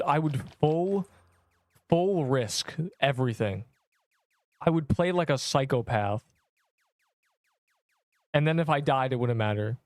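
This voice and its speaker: Recorded at studio quality with no room sound, a man's medium-pitched, darkish voice carries his live stream of an online game. He's playful and self-mocking, reacting to his viewers' chat and making himself the butt of the joke.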